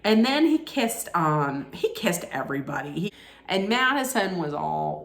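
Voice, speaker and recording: A woman's voice: fairly low pitch, sing-song, measured pace, creaky. A woman recapping a reality show in a casual, sarcastic way, laughing at her own jokes. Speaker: recap vlogger. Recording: echoey room.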